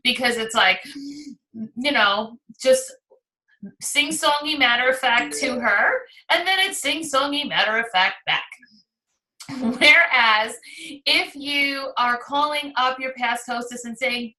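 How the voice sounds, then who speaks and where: A woman's voice: high-pitched, slow pace, pushed and bright. A woman in her forties who leads a direct sales team, giving an enthusiastic live training talk. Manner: enthusiastic, coaching. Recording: roomy echo, distant from mic.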